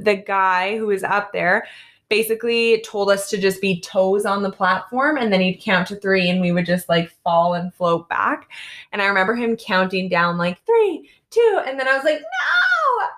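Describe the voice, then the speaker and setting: A young woman from Canada, co-hosting a casual chat and telling animated travel stories, full of "like" and "basically". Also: mid-range voice, moderate pace. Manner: animated storytelling with lots of "like" and "basically". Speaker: co-host recounting travels.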